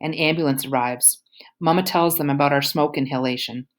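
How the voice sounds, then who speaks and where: A woman reads a novel aloud in a low voice. Now and then she drops into quiet whispered asides. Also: brisk. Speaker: audiobook reader.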